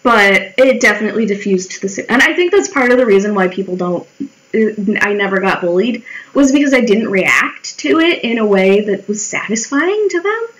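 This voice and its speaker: Animated and fairly bright, a woman in her twenties talks at a moderate pace in a mid-range voice, and the recording is rough. As she draws, the vlogger spins casual, wry stories, swearing liberally and acting out what she says in quoted voices.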